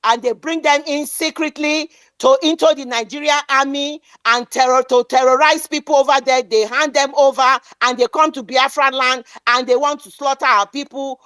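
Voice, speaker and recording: A woman's voice: high-pitched, a bit bright, no echo. A woman giving an impassioned political speech, defiant and declamatory, repeating lines for emphasis. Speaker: speaker at an online activist meeting.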